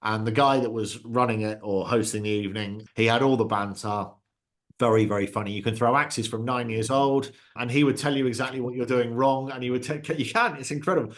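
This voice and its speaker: A man chatting on a ski podcast, with a voice of ordinary pitch. He rambles through travel stories and acts out the people in them. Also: steady tone, fairly quick. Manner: chatty anecdotes with acted-out quotes. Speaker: podcast co-host. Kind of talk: casual chat, storytelling.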